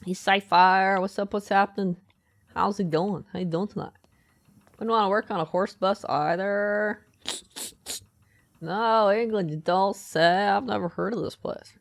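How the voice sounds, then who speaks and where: Game streamer, gravelly voice with some fry, dry close sound, talks through puzzles and reads on-screen text. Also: mid-range voice, fairly even intonation, a little slow, no room sound. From United States. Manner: chatty, thinks aloud and reads game text aloud. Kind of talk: live gaming commentary.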